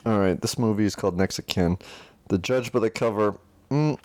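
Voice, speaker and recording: A man co-hosting a podcast in very low tones, trading dry jokes in a relaxed chat. His voice sounds close and dry, with no room around it. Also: moderate pace, dry recording. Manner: dry, joking banter. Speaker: podcast co-host. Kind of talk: casual chat.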